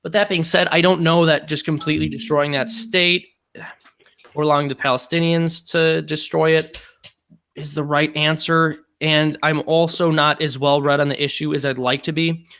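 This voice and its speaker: Gravelly-voiced man hosting a live Q&A. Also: fairly high pitch, level tone, fairly bright tone. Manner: chatty, halting, many ums. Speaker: channel host. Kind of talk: casual live-stream Q&A.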